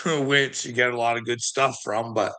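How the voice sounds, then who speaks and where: A man's voice: mid-range voice, steady tone, a little slow, bright, forceful tone. A man ranting casually to his viewers, swearing constantly, rambling and laughing between thoughts. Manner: profane, rambling, laughing often.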